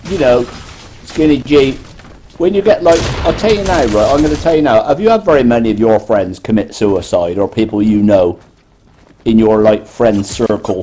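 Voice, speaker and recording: British male guest, mellow tone, blunt storyteller. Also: medium pitch, a little hiss or hum, low-quality recording. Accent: British English. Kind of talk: casual chat.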